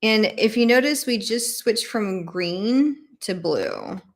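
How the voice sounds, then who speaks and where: A young woman hosting a live tarot flip-through, chatting warmly with viewers and gushing over each card. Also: mid-range voice, animated, slow pace. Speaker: tarot channel host.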